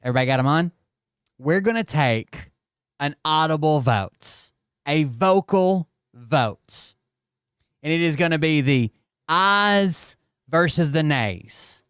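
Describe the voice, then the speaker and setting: A man's voice: on the high side, animated, slow pace, fairly bright tone, smooth, dry recording, studio quality. A man hosting a channel, reacting to clips with casual, wry remarks. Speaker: channel host. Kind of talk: casual commentary.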